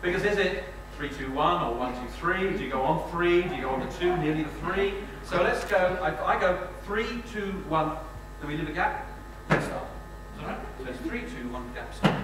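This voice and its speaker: A man's voice: fairly high pitch, normal speed. Joking Englishman in an echoey hall. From England. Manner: joking, self-mocking, quizzes the audience. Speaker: guest speaker. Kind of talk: live talk to an audience. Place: lecture hall with an audience. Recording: very echoey hall, distant mic, noisy.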